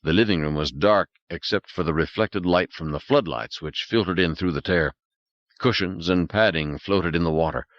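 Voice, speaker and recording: A man's voice: low voice, moderate pace, no echo, muffled recording. A man narrating an audiobook in a dramatic, suspenseful reading style. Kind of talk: scripted narration.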